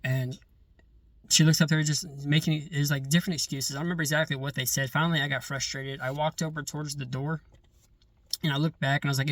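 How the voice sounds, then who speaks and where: A man casually telling a long story about a dream, halting and repeating words as he gets caught up in it. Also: on the high side, no room sound. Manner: halting, repeats words and restarts when excited. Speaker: vlogger recounting dreams.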